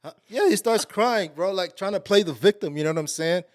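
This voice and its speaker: A man from Texas, a podcast guest, telling a story in a casual, slangy, animated way. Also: fairly quick, no room sound, studio quality. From Alief, Houston, Texas. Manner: animated, slangy, getting louder and higher as the story builds.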